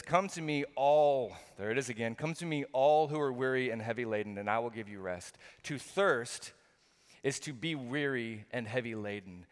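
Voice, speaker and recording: A middle-aged male pastor preaching a sermon, earnest and repetitive, full of rhetorical questions. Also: mid-range voice. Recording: long hall reverb.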